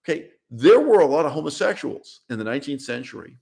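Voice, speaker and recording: A man's voice: a little high, sing-song, fast, vocal fry, darkish tone. A man hosting a language channel, giving a blunt, opinionated livestream monologue and laughing between points. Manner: emphatic, blunt, laughs mid-sentence, repeats words. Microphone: streaming setup mic.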